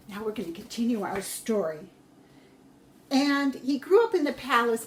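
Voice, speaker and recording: High-voiced woman teacher telling a story. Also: echoey room, a little hiss or hum. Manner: slow, gentle, explains to children. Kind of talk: storytelling for young children.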